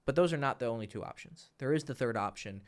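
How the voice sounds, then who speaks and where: Dating coach guy telling a story, mid pitch, gets loud and laughy, swears a lot. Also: quick pace. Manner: animated, laughing, swearing freely. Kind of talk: casual storytelling to camera.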